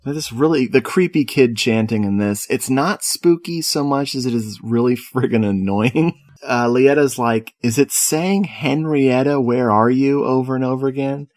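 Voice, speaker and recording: A man's voice: mid-range voice, normal speed, few pauses, darkish tone, no echo, clean studio sound. A man co-hosting a casual movie podcast, talking in a joking, sardonic way. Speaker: podcast co-host. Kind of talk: casual movie review chat.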